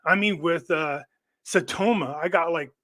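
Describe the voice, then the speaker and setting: A man's voice: a little high, moderate pace, sharp tone. A man who is a guest on a live online show, telling long stories in a rambling way and often restarting his sentences. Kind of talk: casual chat.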